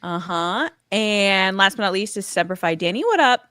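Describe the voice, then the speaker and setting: A woman's voice: mid-range voice, lively intonation, moderate pace, a bit bright, clear, resonant tone, no room sound. A woman co-hosting a fan podcast, reading viewer messages aloud with chatty, teasing remarks. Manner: chatty, teasing, reads super chats aloud. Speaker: podcast co-host. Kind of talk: casual aftershow chat.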